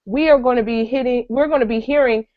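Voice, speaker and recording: A woman hosting an online education show, making quick promotional announcements before handing over to the moderator. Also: on the high side, fairly even intonation, no echo. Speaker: show host. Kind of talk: announcements and introduction. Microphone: video call. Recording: dry lo-fi web call audio.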